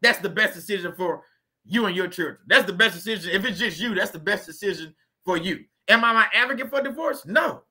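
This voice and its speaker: A man hosts a casual motivational talk rooted in faith. His voice sits high and rings very bright and sharp. He preaches in loose, everyday speech and repeats phrases to drive his points home. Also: brisk, slightly rough. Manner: preachy and repetitive, colloquial. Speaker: host.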